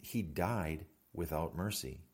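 A man preaching a sermon in a measured way, reading scripture passages aloud between his own explanations. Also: deep voice, expressive, breathy edge. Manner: measured, reads scripture aloud in King James wording.

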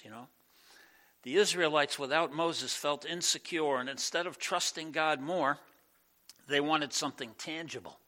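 A male pastor giving a conversational sermon in a church, animated and full of asides. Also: a little high, normal speed.

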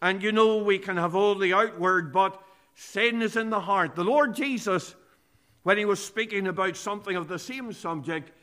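Bright, high-voiced male preacher. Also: normal speed. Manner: earnest, emphatic, quotes scripture verbatim. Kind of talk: sermon.

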